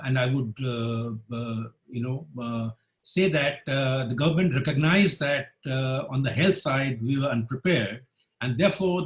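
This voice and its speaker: A man's voice: medium pitch, poor audio. A man, a newspaper editor on a webinar panel, speaking hesitantly with frequent filler sounds. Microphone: video call.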